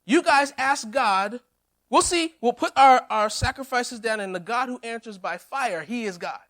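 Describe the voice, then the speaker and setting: A man voicing a bold male prophet, talking in a low, steady, confident way during a sermon. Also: moderate pace. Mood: defiant.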